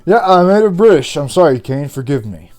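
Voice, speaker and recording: A man streaming a game playthrough, joking and swearing in an expressive way. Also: fairly high pitch, fairly quick, soft background music.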